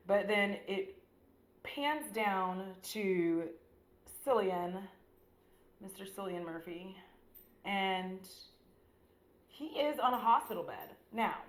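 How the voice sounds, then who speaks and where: Her mid-range voice echoes in a room at home. While doing her makeup, this beauty vlogger jokes and swears her way through a movie recap, chatty and acting out the scenes.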